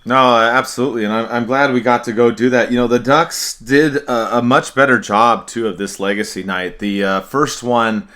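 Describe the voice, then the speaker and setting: A man co-hosting a casual hockey podcast, speaking in a measured way with frequent restarts. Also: medium pitch, fairly even intonation, fairly bright tone. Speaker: podcast co-host. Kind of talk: casual sports podcast chat.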